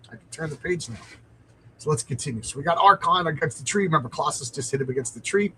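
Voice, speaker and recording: A man's voice: on the high side, animated, fast talker, pushed and bright, a little hiss or hum, poor audio. A man hosting a live stream, reading a comic aloud with enthusiasm and answering viewer comments.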